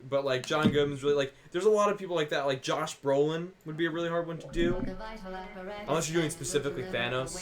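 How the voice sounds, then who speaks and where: A man's voice: fairly high pitch, fast, a crowd in the background. A man hosting a game stream in casual chat, rambling, laughing often and swearing freely. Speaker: stream host. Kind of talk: casual chat while gaming.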